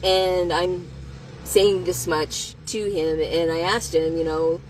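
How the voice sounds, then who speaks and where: A woman telling a personal story to the camera, in a candid and profane way, speaking slowly at first and then getting heated. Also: fairly low pitch, fairly even intonation, slight background noise, low-quality recording. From United States.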